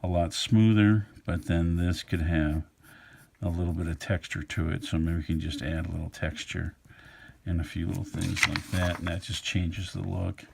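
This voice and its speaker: A middle-aged man, an art instructor, talks in an easygoing, musing way, thinking aloud as he sketches in a relaxed drawing tutorial. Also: low-pitched, normal speed, vocal fry, slight background noise.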